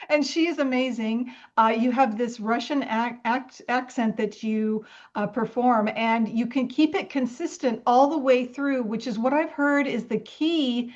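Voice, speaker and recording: A woman hosting a film podcast, enthusiastic and quick to laugh as she interviews her guest. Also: on the high side. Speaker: podcast host. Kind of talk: casual interview chat. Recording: muffled lo-fi audio.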